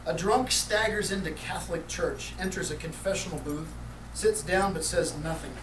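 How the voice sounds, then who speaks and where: A man's voice: sits high, normal speed. A man telling jokes to a live audience at a music store party, laughing at his own punchlines. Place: music store event room. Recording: echoey room, mic far off, background noise.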